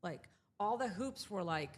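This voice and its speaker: A woman's voice: mid-range voice, measured pace. A woman in her forties, a jewelry brand founder, telling her story in a casual interview and acting out the voices of the people in it. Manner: animated, acts out quoted voices.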